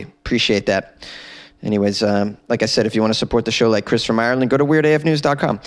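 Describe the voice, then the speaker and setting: A man's voice: mid-range voice, a little fast, no echo. Joking man hosting a comedy news podcast. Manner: joking, rambling, self-mocking. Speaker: podcast host.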